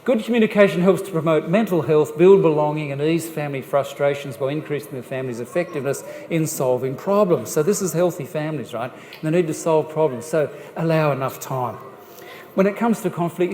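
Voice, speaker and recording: A man's voice: fairly high pitch, slight background noise. Jokey man in a church hall. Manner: jokey, lively, addresses the audience directly with questions. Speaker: guest speaker on family life. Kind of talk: church seminar talk. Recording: echoey church hall, faint ambience.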